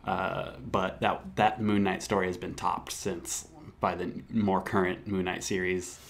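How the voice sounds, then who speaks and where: Low-voiced joking podcast co-host man. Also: unhurried, creaky, a little hiss or hum. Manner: relaxed and joking, with filler restarts. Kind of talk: casual chat.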